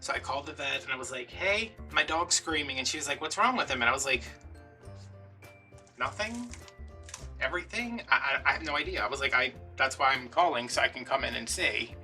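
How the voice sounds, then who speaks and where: Bright-voiced chatty man, mic at a distance. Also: medium pitch, fast, hardly any pauses, faint music behind. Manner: chatty, animated retelling with quoted dialogue. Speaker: vlogger. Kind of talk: casual storytelling while crafting.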